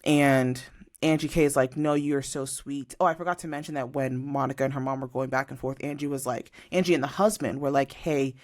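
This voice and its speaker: A woman's voice: a bass voice, a little fast. A young adult woman co-hosting a podcast, recapping reality TV in a casual chat and acting out what people said. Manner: animated storyteller, acts out quotes. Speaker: podcast co-host.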